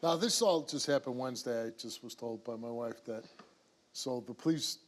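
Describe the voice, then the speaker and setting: A man hosts a daytime talk show at an ordinary middle pitch. He questions his guest directly and gets straight to the point. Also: normal speed.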